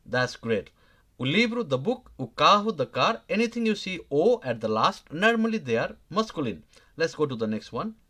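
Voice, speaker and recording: Man teaching a halting online lesson. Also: on the high side, sing-song, pushed and bright. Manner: halting, many fillers and restarts, checks in with "okay?". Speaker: language teacher. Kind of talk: live online grammar lesson.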